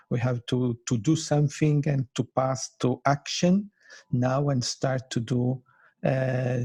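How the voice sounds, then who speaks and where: A man from Portugal, Portuguese native, hosting and thanking a guest in halting English full of fillers. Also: medium pitch, gravelly, mellow, husky. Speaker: host.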